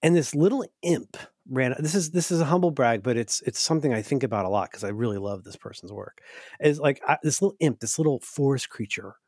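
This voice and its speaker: A man's voice: mid-range voice, brisk, a little mellow, breathy edge, no room sound, studio quality. A man guesting on a podcast, talking in a rambling, self-interrupting way with frequent profanity. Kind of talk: casual podcast chat.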